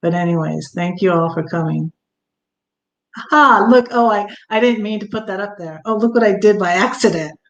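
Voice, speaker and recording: A woman's voice: mid-range voice, moderate pace. A woman hosting her first casual livestream, a bit scattered about the tech and sympathetic toward her guests. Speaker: livestream host. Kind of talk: casual live-stream chat. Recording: roomy echo.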